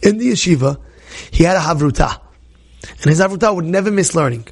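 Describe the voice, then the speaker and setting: A young man telling a religious story to a class, excitable, repeating words and acting out the people he quotes. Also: on the high side, a little fast, slightly rough. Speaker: Torah teacher.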